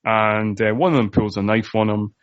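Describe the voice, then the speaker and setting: A man's voice: lowish voice, fairly even intonation, normal speed, no room sound. A man co-hosting a casual movie podcast, rambling with many fillers and restarts. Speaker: podcast co-host. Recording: dull dry home recording.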